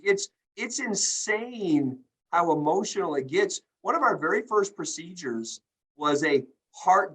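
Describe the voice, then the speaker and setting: A man's voice: sits high, a bit bright, poor audio. Indignant, emphatic man on a video call. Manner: indignant, emphatic, acts out quoted dialogue. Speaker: healthcare company executive, guest. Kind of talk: animated storytelling in a group video call.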